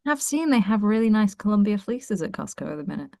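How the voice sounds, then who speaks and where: Woman co-host, casual chat, teasing and playful, lively pitch, dry close sound. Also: quick pace, creaky, no room sound. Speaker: podcast co-host.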